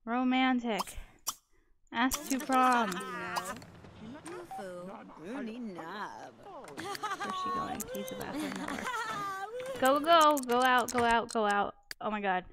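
A young woman giving excitable let's-play commentary as she urges her characters on. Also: fairly high pitch, slow, pauses often, a crowd in the background. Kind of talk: casual gameplay commentary. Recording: noticeable background noise.

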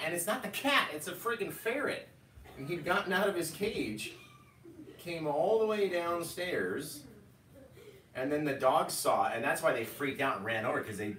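A man's voice: a little high, fairly bright tone. Chatty male painting instructor, roomy echo. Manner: rambling, chatty, storytelling asides. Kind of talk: casual live tutorial chat. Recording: echoey room, distant mic, faint noise.

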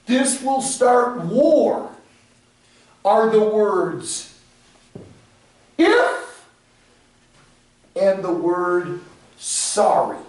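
A man's voice: high voice, very animated, drawn-out words, pauses often. A man teaching a ministry class, acting out both sides of conversations and laughing often. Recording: echoey room from far off, faint noise.

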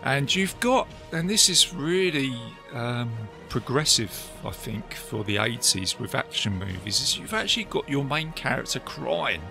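A man's voice: mid-range voice, unhurried, vocal fry, few pauses, music in the background. A man co-hosting a film podcast, chatting casually and rambling through his points with lots of fillers. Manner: rambling, animated, acts out movie quotes. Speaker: podcast co-host. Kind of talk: casual film review chat.

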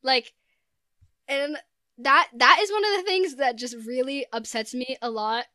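An earnest young woman chats as a podcast guest, filling her thoughts with "like". Her voice is smooth and a touch high. The room is dry. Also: a little slow, pushed and bright, no room sound. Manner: earnest, lots of "like" fillers. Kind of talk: casual podcast chat.

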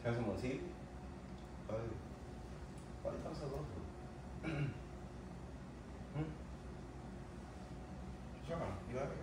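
A man repeatedly demanding to be heard, his voice loud and irritated. He sounds well off from the mic in an echoey room. There is steady background noise behind him. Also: medium pitch. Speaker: prank video co-host. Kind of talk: casual chat. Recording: roomy distant phone recording with background noise.

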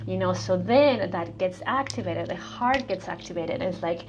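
A woman giving a casual spiritual talk in a live stream, speaking intimately and at times softly near a whisper, with loose fillers and the odd swear word. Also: on the low side, normal speed, hardly any pauses, background noise. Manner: casual, swears, fillers like "you know" and "right". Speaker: spiritual teacher.

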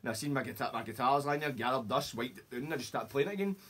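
A man's voice: mid-range voice, expressive, racing, a bit bright, slightly rough. A Scottish man hosting a podcast, telling rambling, sweary anecdotes in casual chat and acting out what people said. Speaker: podcast host.

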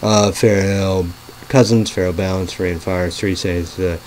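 A man's voice: low-pitched, steady tone, a little slow, darkish tone, slight background noise, rough recording. A man hosting his own online show in casual rambling talk, full of "you know" fillers and swearing. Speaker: show host.

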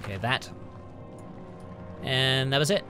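A gaming channel host gives relaxed let's-play commentary from his home computer, reading out item stats and muttering at enemies. His mid-range voice moves slowly over loud music.

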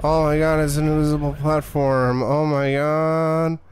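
Male streamer, fairly high voice, swearing and sarcastic over gameplay. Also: little pitch movement, a little slow, a little hiss or hum. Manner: profane, sarcastic, irritated. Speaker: game streamer. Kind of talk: live gameplay commentary.

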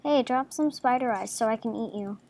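A woman casually commenting on her own gameplay, talking to herself with jumpy reactions and soft murmured asides. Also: on the high side, normal speed, creaky. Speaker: gaming video creator.

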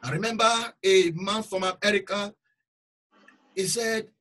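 A bright, high-voiced man preaching. He moves between loud, urgent exhortation and quiet, low asides. His tone stays sharp and forceful throughout. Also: steady tone, a little slow, low-quality recording. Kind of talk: sermon.

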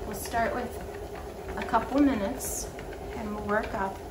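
A young woman speaks to her dogs in a fond, gentle way, drawing out her praise at an unhurried pace. Her voice sits a little high. A treadmill motor hums clearly through the whole home recording. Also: reverberant. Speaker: vlogger and dog owner. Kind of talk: casual chat. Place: indoors at home beside a running treadmill. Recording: steady treadmill motor noise behind.

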